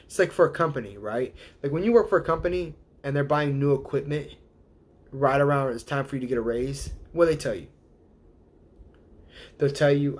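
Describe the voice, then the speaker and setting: Animated man ranting on a live show. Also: fairly high pitch, normal speed. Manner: animated, quotes others in put-on voices. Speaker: host. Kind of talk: casual monologue.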